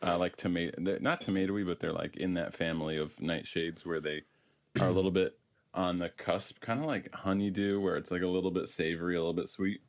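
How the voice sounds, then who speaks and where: A man's voice: low-pitched, fairly even intonation, fairly quick. A man co-hosting a casual coffee podcast, rambling and thinking aloud with many restarts. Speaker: podcast co-host. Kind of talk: casual chat, coffee tasting.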